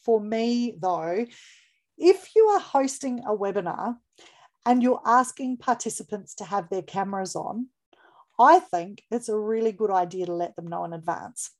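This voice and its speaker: A woman's voice: mid-range voice, lively intonation, moderate pace, a little mellow. A woman co-hosting a podcast, chatty and upbeat as she gives business tips. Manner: chatty and upbeat, laughs easily. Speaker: podcast co-host. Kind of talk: casual podcast chat giving business tips.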